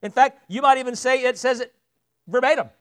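A man's voice: very high voice, a little fast, clean tone. A man preaching a sermon as pastor, chatting with the congregation and putting questions to them. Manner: conversational, asks the congregation questions. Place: church sanctuary.

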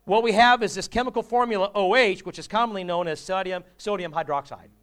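A man's voice: high-pitched, fast talker, a bit bright, clean tone. A male pastor preaching a sermon in a humorous, conversational way, often asking the congregation questions.

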